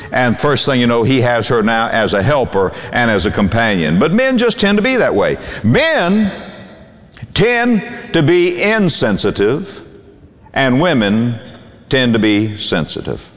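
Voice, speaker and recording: Animated older male preacher in a hall. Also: fairly high pitch, normal speed. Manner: animated, folksy preaching with acted-out quotes. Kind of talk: sermon.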